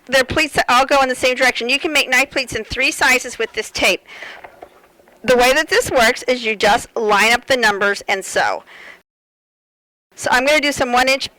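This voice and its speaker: A woman's voice: sits high, moderate pace, bright, forceful tone, low-quality recording. A middle-aged woman giving a live sewing demonstration to an audience at a fair, telling rambling, joking stories as she works. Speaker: sewing seminar presenter.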